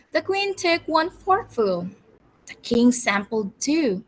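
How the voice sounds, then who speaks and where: A woman teacher reads a children's picture book aloud, expressive and deliberate. Her voice sits a little high, moves slowly and rises and falls with lively pitch. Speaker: teacher storyteller.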